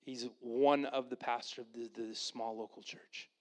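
A male pastor delivering a sermon at a middle pitch. He tells the story with energy and sometimes puts on voices for the people in it. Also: a little slow. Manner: animated, acts out the Bible characters in voices.

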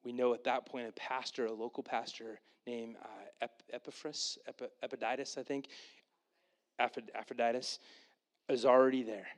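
Animated male pastor preaching. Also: mid-range voice, normal speed. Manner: animated, acts out the Bible characters in voices. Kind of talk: sermon.

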